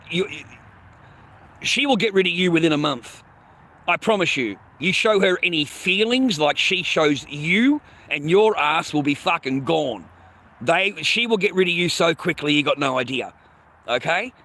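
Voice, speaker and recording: His voice pushed, bright, and on the high side, the livestream host keeps repeating himself in a profane, blunt rant aimed at his chat, throwing around mate and bro.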